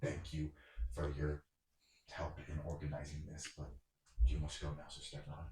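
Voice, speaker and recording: Guy playing a firm king, low and curt, roomy echo. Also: monotone, moderate pace, mellow, recorded from a distance. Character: commanding young king dismissing an adviser.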